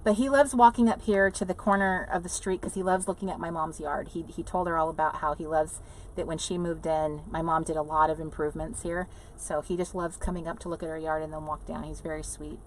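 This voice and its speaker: A woman's voice: low-pitched, fairly even intonation, fairly quick, a little hiss or hum. A woman hosting a casual livestream from inside an RV, rambling chattily, laughing often and reading viewer comments aloud. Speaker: livestream host. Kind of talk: casual live chat with viewers.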